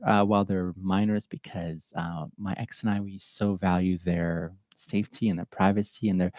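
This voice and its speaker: An earnest middle-aged man talks straight into the mic in a reflective solo podcast, voice sitting on the low side. He sounds openly emotional and a little stuffed up, sniffing now and then. The sound is close and dry. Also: darkish tone, no room sound. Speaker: podcast host.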